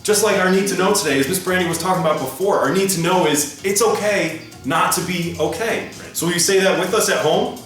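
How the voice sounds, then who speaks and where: A man's voice: sits high, brisk, few pauses, a bit bright. Guy leading a kids church video, upbeat and encouraging, big echoey room, faint music behind. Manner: upbeat, encouraging, speaking straight to children at home. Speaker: children's ministry leader. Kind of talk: storytelling and talking to kids.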